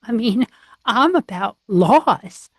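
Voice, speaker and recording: A woman's voice: on the high side, animated, takes it slowly, slightly rough, dry recording. A woman playing an improv comedy game over a video call, joking in a dry, matter-of-fact way. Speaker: improv player.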